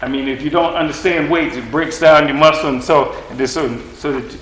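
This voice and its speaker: A male preacher giving a sermon while lifting weights, telling a story in an animated way and straining with the effort. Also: on the high side, a little fast, echoey room, slight background noise, rough recording. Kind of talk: sermon with a live weightlifting demonstration.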